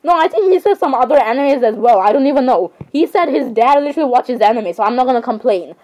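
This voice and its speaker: High-voiced excitable teenage girl. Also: fast talker, rough recording. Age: teens. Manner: rambling, dramatic, excitable. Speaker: gamer. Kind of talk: casual gameplay chatter.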